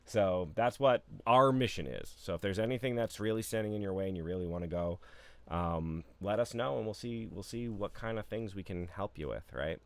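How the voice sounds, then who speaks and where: Male co-host, deep voice, easygoing stream banter with fillers. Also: a little fast. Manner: laid-back, rambling with many fillers and restarts. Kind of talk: casual live-stream chat.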